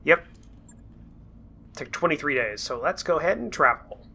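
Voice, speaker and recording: A man hosting a let's play, thinking aloud in relaxed, chatty gameplay commentary. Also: a little high, normal speed, vocal fry, a little hiss or hum.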